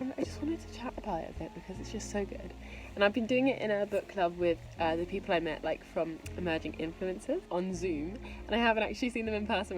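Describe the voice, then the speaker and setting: A young woman talking casually in a home vlog, relaxed and chatty with lots of fillers. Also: mid-range voice. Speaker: vlogger and podcast host. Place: home kitchen and garden. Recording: music playing underneath. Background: music.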